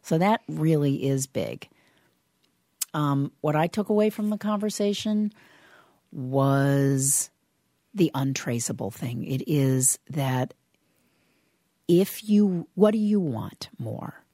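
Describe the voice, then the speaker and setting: A husky woman with a very low voice co-hosts a podcast in casual chat. She reflects out loud and drives her points home with pointed rhetorical questions, close to a dry mic. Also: expressive, takes it slowly, pauses often, no room sound. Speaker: podcast co-host.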